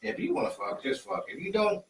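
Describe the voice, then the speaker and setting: A man co-hosting a casual chat show, talking animatedly and cursing freely. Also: fairly quick. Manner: animated, profane, jokes in a low raspy put-on voice. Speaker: podcast co-host. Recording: echoey room from far off, faint noise.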